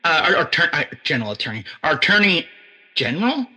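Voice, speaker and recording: A man's voice: fairly high pitch, sing-song, fast, pushed and bright, low-quality recording. An American man in casual chat, rambling and profane, with frequent restarts and fillers. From United States.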